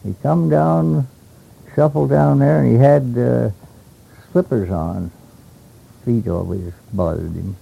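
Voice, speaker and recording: An older man from Alaska recalling old stories in a rambling, halting way, with many hesitations and chuckles, on a dull lo-fi tape. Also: medium pitch, vocal fry, husky. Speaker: interviewee. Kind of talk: oral history reminiscence.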